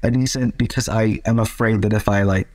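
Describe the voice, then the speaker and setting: A man, an actor, chatting as an interview guest and telling set stories with lively acted-out quotes. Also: lowish voice, brisk, no echo. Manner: lively storyteller, acts out quotes. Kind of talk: casual interview chat.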